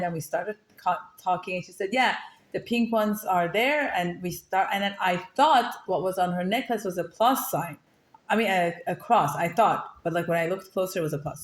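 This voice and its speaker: A woman's voice: medium pitch, roomy sound. A woman giving a casual, chatty Torah lesson, telling personal stories with lots of fillers and restarts. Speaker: Torah class teacher.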